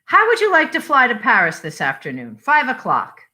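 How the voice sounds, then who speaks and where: A woman's voice: fairly high pitch, huge pitch swings, brisk, bright, forceful tone, pitched above the performer's own voice, heavily acted. A woman reading the part of an impulsive middle-aged husband who speaks in short, insistent phrases. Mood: cheerful.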